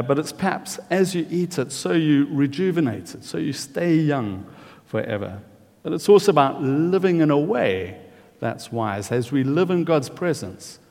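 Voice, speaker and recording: A man preaching an evening sermon, emphatic and pausing often on fillers. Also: medium pitch, a little mellow. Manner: emphatic, with frequent filler pauses. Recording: long hall reverb.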